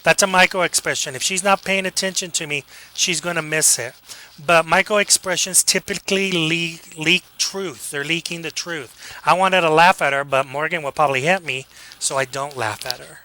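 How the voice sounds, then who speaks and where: A man giving a casual classroom lecture, joking with students, acting out quick examples and checking in with a frequent "okay?". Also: a little high, steady tone, bright, forceful tone, rough recording. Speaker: college lecturer.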